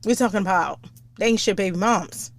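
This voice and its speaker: A woman's voice: mid-range voice, fairly quick. A woman hosting a podcast, ranting in a blunt, profane, comedic way. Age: older. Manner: blunt, profane, lively and animated. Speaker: podcast host. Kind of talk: casual comedic rant.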